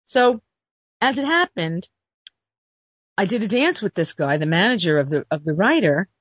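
A woman's voice: medium pitch, sing-song, moderate pace, breathy edge, dry recording. A woman script consultant telling a story bluntly and outspokenly to an audience in a casual monologue. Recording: dull, muffled recording.

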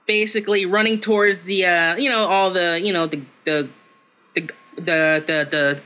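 A man's voice: high voice, fairly even intonation, normal speed, sharp tone, smooth. A young man chatting casually, rambling and stumbling over words as he tells a story. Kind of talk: casual chat. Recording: dull lo-fi sound.

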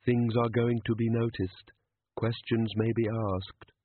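A man's voice: medium pitch, a little slow, slight background noise, lightly acted. A man voicing cold, cautious cosmic bureaucrats. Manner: flat, cautious deliberation. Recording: narrow phone-like sound.

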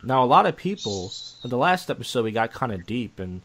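A young man co-hosting a podcast in casual chat, rambling and halting with many restarts and fillers. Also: medium pitch, big pitch swings, crowd noise. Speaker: podcast co-host.

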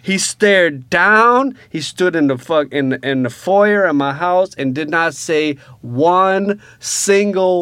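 A man from Louisiana telling a story in casual talk, animated and profane, dropping to hushed asides and then rising into loud rants. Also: high voice, slow pace, few pauses, smooth, dry recording.

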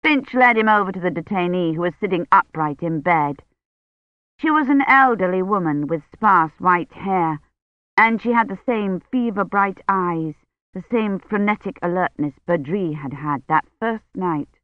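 Novel narrator, steady measured delivery, dry dull lo-fi recording. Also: mid-range voice, no room sound. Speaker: audiobook narrator. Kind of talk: scripted narration.

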